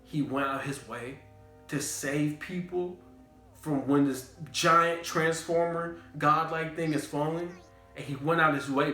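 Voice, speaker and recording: A young man recapping an anime in a casual, slangy, animated way, repeating catchphrases. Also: fairly high pitch. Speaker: anime reviewer. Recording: roomy room, faint background music.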